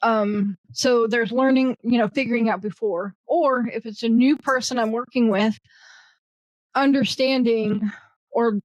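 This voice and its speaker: Woman guest, blunt and self-deprecating, higher voice, dry close sound. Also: steady tone, unhurried, a little mellow, no echo, low-quality recording. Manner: rambling with fillers and restarts. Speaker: guest, virtual assistant. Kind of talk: casual interview conversation.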